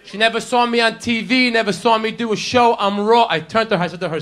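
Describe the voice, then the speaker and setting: A man doing a stand-up routine in a comedy club, brash and working the crowd, shouting his punchlines. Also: sits high, fairly even intonation, fast. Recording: live club with crowd laughter and ambient noise.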